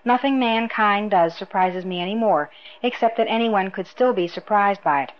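Lady doing a cool young princess, flat matter-of-fact, kinda dull audio. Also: mid-range voice, moderate pace, close to an everyday voice.

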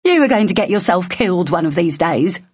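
A woman voicing a fierce, protective older mother who scolds her son bluntly and slowly. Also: lowish voice, expressive, husky, lo-fi sound. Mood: scolding.

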